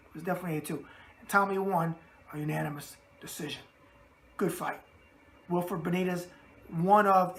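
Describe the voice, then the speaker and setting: A raspy-voiced man with a New York accent runs a boxing mailbag show. He talks in a brash, streetwise way and keeps coming back to his catchphrases. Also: fairly high pitch, fairly bright tone, a little hiss or hum. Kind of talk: casual boxing mailbag talk.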